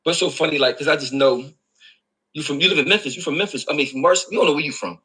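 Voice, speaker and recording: Raspy, fast man ranting. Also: a little high, sharp tone, poor audio. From Philadelphia. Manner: mocking, repetitive, sarcastic. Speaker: rapper in an online feud. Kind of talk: heated taunting rant.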